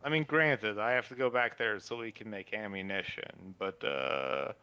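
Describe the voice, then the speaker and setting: A man's voice: fairly low pitch, normal speed, gravelly, bright, forceful tone, clear, resonant tone, highs cut off. A man playing a tabletop game, talking in a laid-back, rambling way. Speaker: player. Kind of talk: in-character tabletop chat.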